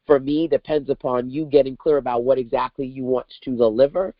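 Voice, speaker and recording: A woman from Brooklyn hosting an online business workshop, coaching with animated, emphatic rhetorical questions over a video call mic. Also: rumbling low, a little fast, no room sound, muffled recording. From Brooklyn, New York.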